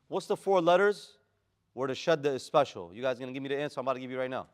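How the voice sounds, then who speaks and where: A man's voice: medium pitch, expressive, very fast, smooth. A man teaching a class how to recite the Quran, moving between chanted Arabic verses and casual, slangy English explanations. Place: classroom with students present.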